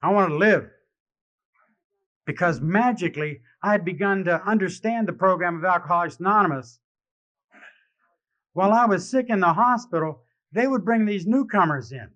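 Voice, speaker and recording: A man giving a live personal testimony speech at a convention, wry and self-mocking, growing halting and emotional with many restarts. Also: sits high, a bit bright. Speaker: speaker sharing his recovery story. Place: convention hall. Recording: dull lo-fi archival recording.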